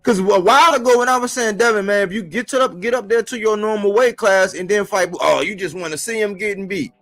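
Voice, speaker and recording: Animated man ranting about boxing. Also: high-pitched, fast. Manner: animated, rhetorical, slangy, repeats phrases. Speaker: boxing commentator. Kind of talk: casual boxing talk monologue. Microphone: live-stream mic.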